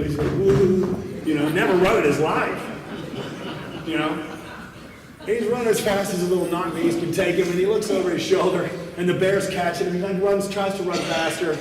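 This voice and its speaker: A man's voice: on the high side, background noise. A man giving a conference talk, a folksy storyteller who livens up in his jokes. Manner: folksy storyteller, animated in the joke. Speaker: conference speaker. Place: large conference hall. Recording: echoey hall from far off.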